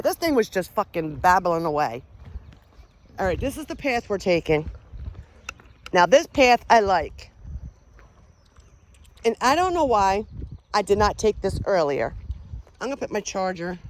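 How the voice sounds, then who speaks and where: Woman rambling on a trail vlog, chatty, keeps getting sidetracked, swears a bit. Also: mid-range voice. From Pennsylvania, USA. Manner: chatty, rambling, easily distracted, swears casually. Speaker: paranormal vlogger. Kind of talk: casual walking vlog. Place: outdoors on a park trail.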